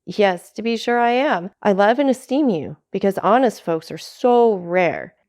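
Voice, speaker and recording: A woman's voice: medium pitch, sing-song, measured pace, darkish tone, pitched above the performer's own voice. A woman reading aloud, voicing a greedy, fawning young male tailor who talks in a hearty, ingratiating way, in a storybook.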